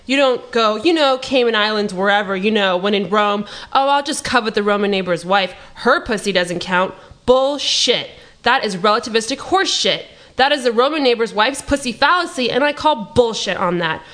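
A woman's voice: fairly high pitch, expressive, normal speed, fairly bright tone. A woman reading a play aloud as a foul-mouthed, exasperated God who scolds humanity in a sarcastic, profane rant.

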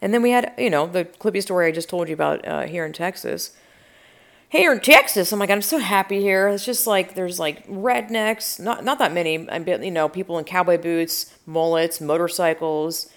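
A woman talks in a loose, casual way, swearing freely and circling back with fillers and restarts. Her voice sits on the low side, and a gravelly vocal fry runs through it. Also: normal speed, hardly any pauses. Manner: rambling, profane, full of fillers and restarts. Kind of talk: casual chat.

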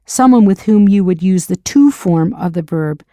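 A woman's voice: on the low side, animated, moderate pace, warm tone, no room sound, clean studio sound. A woman narrating a scripted audio language lesson as the teacher. She patiently prompts drill questions and then confirms the answers.

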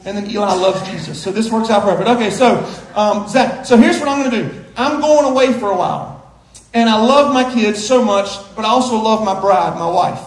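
A pastor preaching in a church sanctuary, his voice sitting unusually high for a man. He talks in a folksy, playful way and rises to loud emphasis at key points. The big room gives his voice a roomy echo. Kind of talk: sermon with live illustration.

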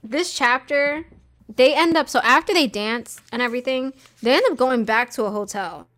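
A woman's voice: sits high, moderate pace. Chatty young woman recapping a book. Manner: animated, quotes characters in slangy asides, laughs often. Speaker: book podcast co-host. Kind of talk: casual chat retelling a novel.

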